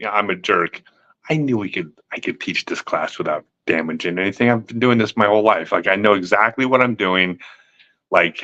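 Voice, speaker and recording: A man hosting a live stream, telling a story in an animated, casual way and acting out the people in it. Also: fairly low pitch, dull audio. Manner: animated, acts out quotes with laughs.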